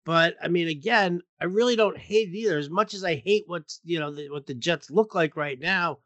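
A man's voice: a little high, moderate pace, a bit bright, no echo. A man hosting a casual sports betting talk show, talking loosely with frequent restarts. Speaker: sports betting podcast host.

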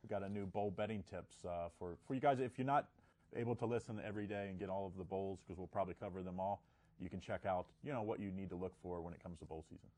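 A man's voice: deep voice, fast talker, warm tone. A man giving sports betting picks in casual chat, often restarting his words.

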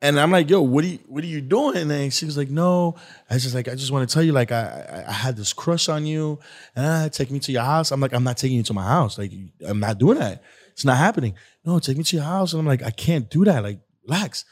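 On an interview show, a guest who creates skits tells a long, rambling, casual story in a fast, mid-range voice. Filler abounds, and he brings the quotes to life with animated acting.

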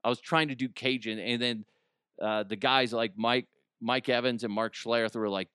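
Man, podcast host, casual comedic storytelling, bright voice, dry close sound. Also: mid-range voice, steady tone, normal speed, clear, resonant tone, no room sound. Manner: rambling storyteller, laughs at his own jokes.

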